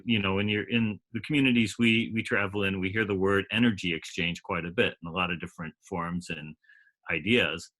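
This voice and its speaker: A man with a deep yet very bright, forward voice talks in a relaxed group discussion. He thinks aloud, stopping and restarting his sentences with plenty of fillers. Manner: halting, many restarts and fillers. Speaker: call participant.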